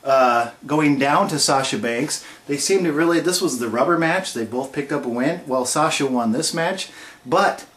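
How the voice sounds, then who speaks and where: A man's voice: fairly high pitch, normal speed, a bit bright. Jokey man recapping in an echoey room. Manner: playful, jokey, full of rhetorical questions. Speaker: wrestling show reviewer. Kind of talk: casual recap commentary. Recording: roomy echo.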